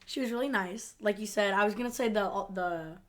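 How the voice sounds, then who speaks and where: Upbeat woman cohost chatting about a tv show, laughs a lot, lots of "like", mid pitch. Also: a little fast. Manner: enthusiastic, laughs often, lots of fillers. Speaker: podcast co-host. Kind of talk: casual chat recapping a TV episode.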